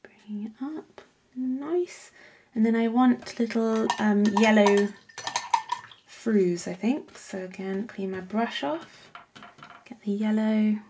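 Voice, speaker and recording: A woman hosting a painting tutorial, chatting casually as she works and often dropping into soft whispers. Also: medium pitch, takes it slowly, background noise. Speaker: art workshop host.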